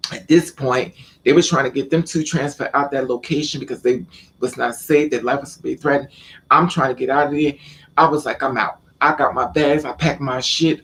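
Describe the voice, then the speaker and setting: Gravelly-voiced man telling a blunt story. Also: medium pitch, a bit bright, a little hiss or hum. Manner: blunt, profane, quotes people in conversation. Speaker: vlogger. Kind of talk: casual storytelling monologue.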